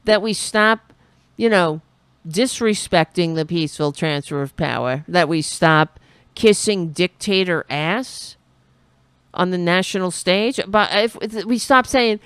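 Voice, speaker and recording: A woman's voice: fairly low pitch, a little slow, clear, resonant tone, dry recording. A woman hosting a political talk show, giving sarcastic, rambling live commentary on a speech.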